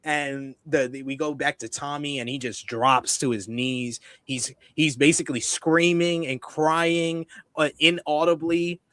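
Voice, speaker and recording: A fairly high-voiced man tells an episode's story in casual, lively recap style. He jumps into the characters' lines as he goes. The sound is dry and close, with no room around it. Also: a little slow, dry recording. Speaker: co-host of a TV review show.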